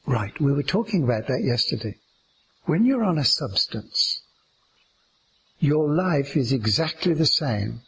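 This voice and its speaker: Slow, gravelly man teaching mindfulness. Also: medium pitch, sing-song, poor audio. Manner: slow, drawn-out, gentle. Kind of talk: slow meditative teaching talk.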